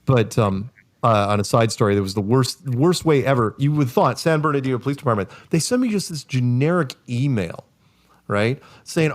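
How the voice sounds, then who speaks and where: A man sits in as a podcast guest and spins long, meandering stories. He stops often to correct himself, and his jokes land deadpan and wry. His middle-pitched voice is recorded close and dry. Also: normal speed, no echo. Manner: rambling, self-correcting, with frequent fillers. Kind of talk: casual storytelling.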